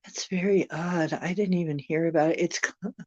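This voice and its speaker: A woman's voice: lowish voice, steady tone, moderate pace, dry recording, lo-fi sound. A woman from the United States hosting a casual live stream, musing aloud and answering viewer comments. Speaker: channel host chatting with viewers.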